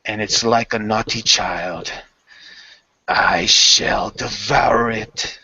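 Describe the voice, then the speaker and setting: A cold, hungry cult mistress issues her orders in a low, quiet, menacing hush, as a man voices her in a tabletop game. Each word comes slow and deliberate. The sound is dry and dull, like a lo-fi home recording. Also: vocal fry, slightly rough, dry recording, full character voice. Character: hooded female cult leader, cold and ruthless.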